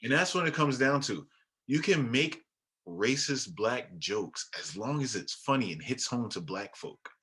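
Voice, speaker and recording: A man's voice: medium pitch, expressive, measured pace, pushed and bright, husky. A man co-hosting a podcast in casual chat, blunt and profane, often laughing. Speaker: podcast co-host.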